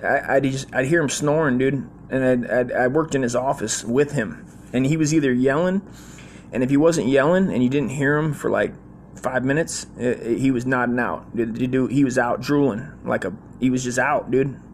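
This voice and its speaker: Man in his forties, gravelly voice, casual slangy storytelling, lots of cursing. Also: medium pitch, moderate pace, slight background noise. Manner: profane, slangy, rambling.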